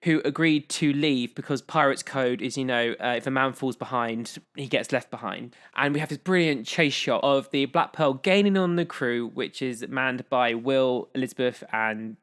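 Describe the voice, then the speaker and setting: A man's voice: medium pitch, normal speed, hardly any pauses, fairly bright tone, smooth. A man co-hosting a podcast, retelling film scenes in casual chat and laughing often. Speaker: podcast co-host.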